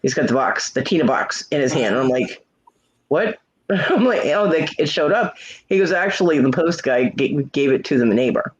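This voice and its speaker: A middle-aged woman hosting a casual livestream chat, telling a story with lots of swearing and jumping into high voices for quotes while greeting viewers. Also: brisk. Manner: profane, animated storytelling with leaping voices for quotes. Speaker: livestream host. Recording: muffled lo-fi stream audio.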